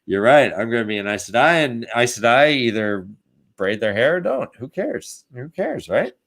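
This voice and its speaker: A man's voice: medium pitch, very animated, normal speed, a bit bright, voice pushed down. Man doing a breezy dismissive young woman.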